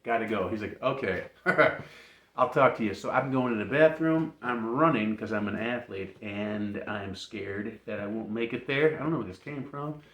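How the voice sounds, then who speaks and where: A man telling a comic story to camera in an animated way, laughing often and insisting he isn't making anything up. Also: fairly low pitch, normal speed, hardly any pauses. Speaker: vlogger. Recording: roomy echo.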